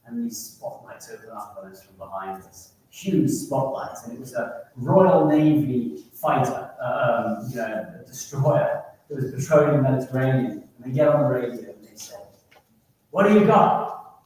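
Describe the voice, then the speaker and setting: A man's voice: medium pitch, lively intonation, moderate pace, darkish tone. A man giving a keynote talk, telling war-reporting stories to an audience and laughing through the anecdotes. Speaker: keynote speaker, war correspondent. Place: conference room at a business summit. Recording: echoey hall, distant mic.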